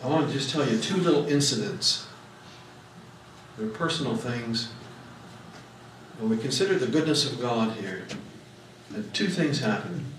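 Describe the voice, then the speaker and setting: A man's voice: mid-range voice, expressive, a little slow, pauses often, distant mic, slight background noise. A man preaching a sermon as pastor, telling personal stories in a folksy, emphatic way. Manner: folksy storytelling, emphatic rises on key words. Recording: echoey room mic'd from afar.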